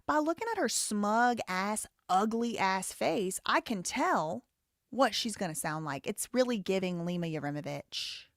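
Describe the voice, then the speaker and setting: A woman's voice: mid-range voice, expressive, measured pace, no echo. Outspoken woman host, live commentary, hot-tempered and profane, dry close sound. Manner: heated, blunt and profane. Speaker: show host.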